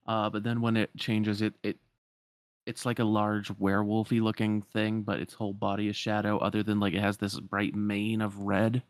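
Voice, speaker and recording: Low-voiced man retelling a game story. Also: monotone, moderate pace, no echo. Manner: rambling with fillers, acts out the dialogue.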